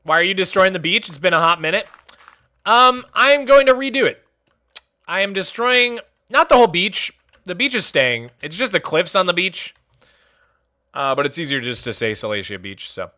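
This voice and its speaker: A young man streaming a game, chatting casually and answering his audience with animated, jokey energy. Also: high voice, normal speed. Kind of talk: casual chat while playing a game.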